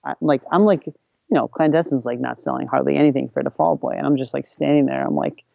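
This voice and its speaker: Gravelly rambling man telling road stories. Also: medium pitch, fairly even intonation, quick pace, no echo. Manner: rambling, heavy use of "like", acts out quotes. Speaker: podcast guest. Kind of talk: casual storytelling. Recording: dull lo-fi podcast recording.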